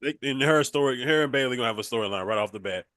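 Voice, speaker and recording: A man chats easily as a podcast co-host, using relaxed slang and short reactions. His voice sits in a middle range. The sound is dry, with no room echo. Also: mid-range voice, racing. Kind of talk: casual wrestling podcast chat.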